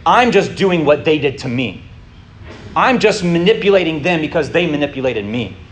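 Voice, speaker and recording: A man's voice: a little high, very animated, moderate pace. Man teaching scripture in a casual way. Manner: asks the listeners rhetorical questions; informal, with fillers and restarts. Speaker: Bible study teacher. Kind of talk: conversational Bible teaching.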